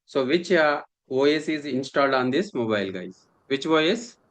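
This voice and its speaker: Very animated, with a medium-pitched voice at normal speed, a man lectures his class as instructor. He goes over his points repeatedly and frequently checks that the students are following.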